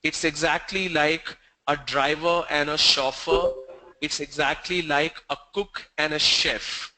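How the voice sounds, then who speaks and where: A man, teaching pronunciation in an online training session and explaining with slow, stressed examples. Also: on the high side, fairly even intonation, pushed and bright, low-quality recording.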